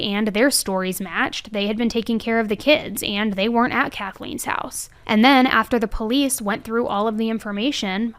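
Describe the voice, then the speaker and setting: A young woman with a fairly high voice tells a true crime story as if talking to a friend. Her delivery is chatty and conversational, and she keeps checking in with little asides. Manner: chatty, leaning on "right?" and "I mean".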